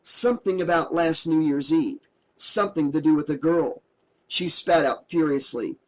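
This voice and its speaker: A man reads a horror novel aloud as an audiobook, in a voice set a little high for a man. His narration moves at a steady, dramatic storytelling pace. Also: a little slow, rough recording.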